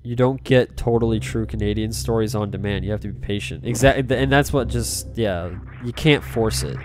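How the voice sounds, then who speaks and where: A man's voice: on the low side, moderate pace, a little mellow. A man streaming a retro game, chatting casually, reading out chat messages and spinning silly made-up stories. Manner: rambling, joking, tells tall tales, reads chat aloud. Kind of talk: casual livestream chat while playing. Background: game music.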